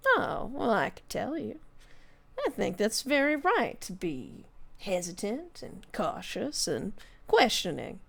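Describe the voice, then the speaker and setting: A woman's voice: mid-range voice, very animated, slow, creaky, husky, exaggerated voice. A woman voicing a sly, charming male fey stranger in a tabletop game, with a teasing manner. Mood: coaxing. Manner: silky, teasing, calls people darling. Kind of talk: tabletop game role-play.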